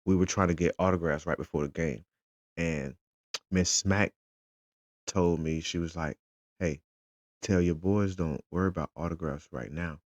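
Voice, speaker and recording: Deep-voiced dad telling a story. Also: male voice, dry recording. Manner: animated, retells conversations in quotes. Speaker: father and football fan. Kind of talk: casual storytelling vlog.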